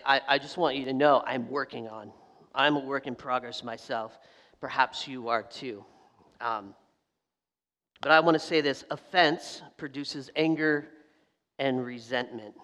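A man preaching a sermon as a pastor, telling a story in a lively way and acting out the voices of people in it. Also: medium pitch. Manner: animated storytelling, acts out quoted voices, laughs. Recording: long hall reverb.

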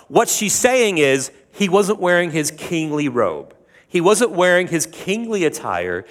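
A man's voice: high-pitched, sing-song, unhurried, long reverb tail. A man preaching a sermon, retelling scripture in a conversational, joking way with asides to the congregation. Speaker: pastor.

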